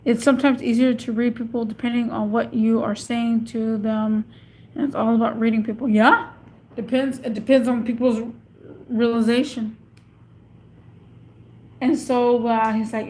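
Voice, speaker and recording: A woman's voice: a little high, level tone, normal speed, long pauses, darkish tone. A woman vlogging from her car in a casual, rambling monologue, often stopping to search for words. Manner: chatty, meandering, searches for words. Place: in or beside a parked car.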